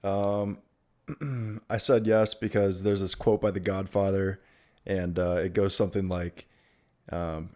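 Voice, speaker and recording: Deep-voiced young man, deadpan. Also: a little slow, long pauses. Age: 20s. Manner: dry, deadpan humor with hesitant fillers. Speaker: podcast guest. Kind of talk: casual podcast chat.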